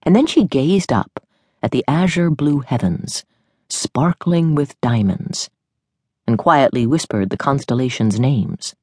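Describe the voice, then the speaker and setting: Breathy, expressive woman narrator. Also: rumbling low, measured pace, no echo, studio quality. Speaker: audiobook narrator. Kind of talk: scripted audiobook narration.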